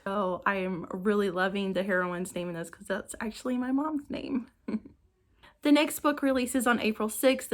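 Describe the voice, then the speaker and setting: A woman reading out short book summaries for her channel, evenly, with small slips and restarts. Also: medium pitch. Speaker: book reviewer. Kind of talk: reading book blurbs to camera.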